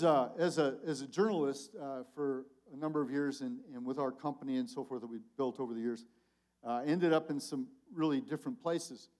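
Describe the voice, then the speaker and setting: An older man preaching a sermon at a conference in a conversational, animated way, swinging between loud exclamations and quiet asides. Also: mid-range voice. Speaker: conference speaker.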